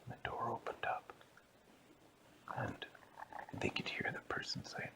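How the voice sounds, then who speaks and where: A man telling an improvised bedtime story in a hushed, mostly whispered voice. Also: mid-range voice, level tone, a little slow, vocal fry, pauses often.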